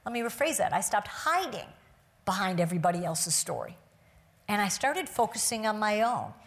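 A woman's voice: medium pitch, big pitch swings, normal speed. A woman giving a talk to a live audience from a stage, telling a personal story in an earnest, reflective way. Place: stage before a seated audience.

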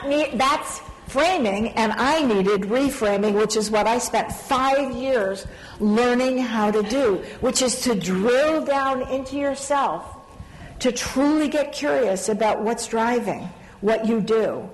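A middle-aged woman telling a self-mocking story on a panel, animated and laughing through it. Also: fairly high pitch, slow. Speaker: panel speaker. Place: large conference hall. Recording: hall reverb, faint background noise.

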